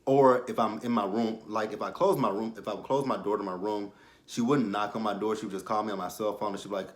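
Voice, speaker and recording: A young man in casual chat, recapping a reality show in a candid, rambling way that often trails off into quiet asides. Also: fairly low pitch, fairly even intonation, fast.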